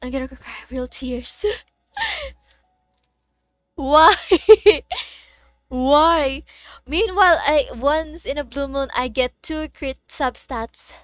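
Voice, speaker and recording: A young woman streaming a game, chatting casually with her viewers, excitable and swearing freely. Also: sits high, very slow, pauses often, no echo, faint music behind. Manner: excitable, swears freely, gasps and shrieks in surprise.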